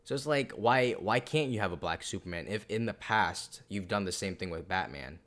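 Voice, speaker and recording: A man co-hosting a podcast, rambling and animated in casual chat, swearing now and then. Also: fairly low pitch, moderate pace. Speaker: podcast co-host.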